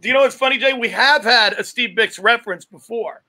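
A man with a high voice and a bright, sharp tone hosts a casual chat show. He jokes with his guests and pokes fun at himself. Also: brisk, low-quality recording. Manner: joking, self-deprecating. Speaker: podcast host.

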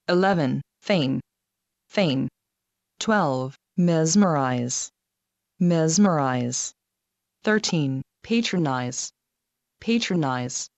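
A woman reading a numbered vocabulary list, saying each word twice in a measured, deliberate way. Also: low voice, a little mellow, no room sound, dull audio. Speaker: vocabulary reader.

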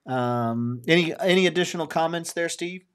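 A man's voice: on the high side, moderate pace, smooth. A man co-hosting a live show in an easygoing way, reading out viewer comments. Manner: easygoing, reads comments aloud. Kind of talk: casual live-show chat.

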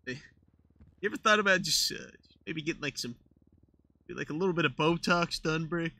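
A young man streaming in-character role-play chat, excitable and prone to loud exclamations. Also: on the high side, normal speed, dry recording.

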